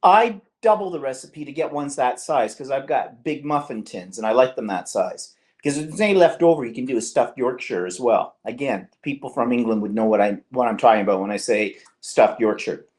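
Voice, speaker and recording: A man's voice: medium pitch, lively intonation, brisk, a little mellow. A middle-aged Canadian man hosting a live-stream vlog, chatting and teasing in a rambling way. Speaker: vlog host.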